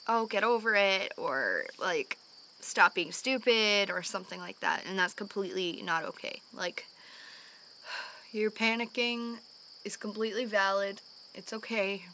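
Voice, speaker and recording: A young woman in a candid home vlog, talking earnestly and openly, sighing often as she calms down after a panic attack. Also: mid-range voice, slight background noise. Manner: earnest and open, with frequent sighs and fillers. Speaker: vlogger. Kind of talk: candid personal talk to camera. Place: at home in the evening.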